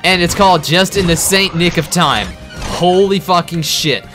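A man giving excitable, profane, jokey commentary while playing a video game. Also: high-pitched, measured pace, over music. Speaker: let's-play gamer.

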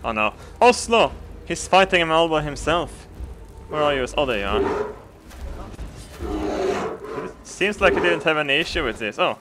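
A man giving crude, comedic game commentary, laughing and breaking into excited outbursts. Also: a little high, normal speed, long pauses, very noisy. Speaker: gaming commentator.

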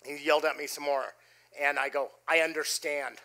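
A middle-aged man preaching a sermon, telling a personal story with animated delivery and dropping his voice low for quoted lines. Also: a little fast, creaky. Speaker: pastor. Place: church stage before a congregation.

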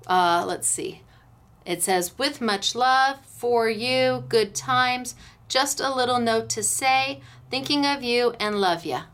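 A woman's voice: on the high side, slow, fairly bright tone. A middle-aged woman hosting a casual craft demo, chatty and gushing, laughing often. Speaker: craft show host.

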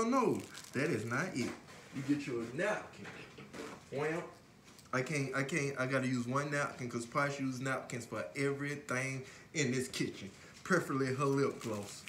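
With slight background noise and some reverb, this fairly high-voiced man co-hosts a cooking show with his partner in their home kitchen. The demonstration is playful, full of teasing and loud laughter.

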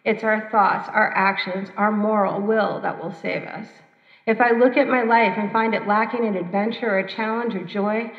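A woman performing a personal story at an open mic, measured and reflective, with dramatic pauses. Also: mid-range voice, steady tone. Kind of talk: spoken-word personal storytelling. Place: church hall. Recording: roomy, dull church hall recording.

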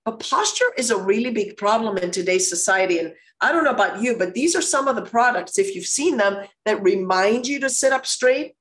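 A woman whose first language is Greek, giving a live online webinar in an energetic, conversational way, with frequent fillers and restarts, speaking into a computer microphone on a video call. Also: a little high, brisk, few pauses. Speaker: presenter of a webinar. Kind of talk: live online workshop presentation.

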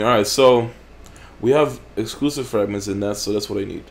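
A man's voice: lowish voice, normal speed, gravelly. A man hosting a gaming channel, giving casual gameplay commentary in a blunt, heavily profane way. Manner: profane, blunt, frequent swearing.

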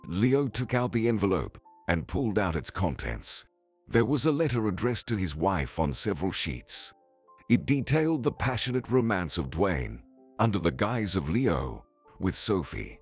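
Deep husky male storyteller. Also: very animated, normal speed, faint music behind. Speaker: narrator. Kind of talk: scripted storytelling narration.

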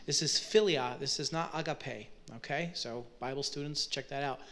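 A man's voice: mid-range voice, normal speed, a bit bright. A man preaching a sermon, explaining Bible verses in a conversational way with frequent rhetorical questions. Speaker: pastor.

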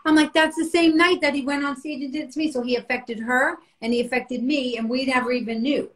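A middle-aged woman comedian telling stories in casual podcast chat, animated and profane. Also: sits high, fairly quick, low-quality recording. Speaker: comedian guest.

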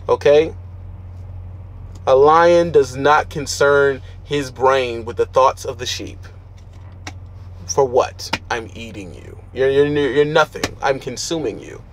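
A man who drives a truck, giving blunt, preachy advice in street slang from his truck cab. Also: mid-range voice. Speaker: trucker vlogger.

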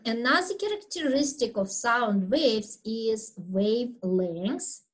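A woman instructor giving a recorded anatomy lecture over slides, speaking loudly in an unhurried, explanatory way with fillers and throat clearing. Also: on the high side, rough recording. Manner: talks loudly by habit.

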